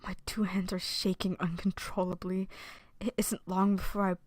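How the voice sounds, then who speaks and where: A woman reading aloud the hushed inner monologue of a shy, troubled teenage girl from a visual novel, often close to a whisper. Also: mid-range voice, little pitch movement, normal speed, natural voice. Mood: hushed despair. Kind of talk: reading game text aloud.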